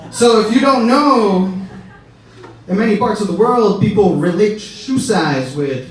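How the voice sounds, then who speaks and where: High-voiced male comic in an echoey room. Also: animated, a little slow. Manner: conversational, keeps asking "right?". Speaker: stand-up comedian. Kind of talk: stand-up routine. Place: comedy stage with live audience. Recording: echoey room, distant mic.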